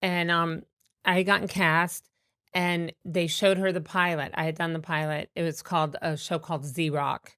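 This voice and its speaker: A woman comedian telling animated stories with many fillers and restarts in a podcast interview. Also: fairly low pitch, moderate pace, smooth, dry recording, studio quality. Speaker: comedian guest.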